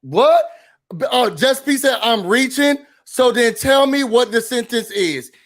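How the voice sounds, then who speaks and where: Sassy, high-voiced man ranting. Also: moderate pace. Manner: expressive, sassy, mimics quotes in a high voice. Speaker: recap show host. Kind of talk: animated recap and rant.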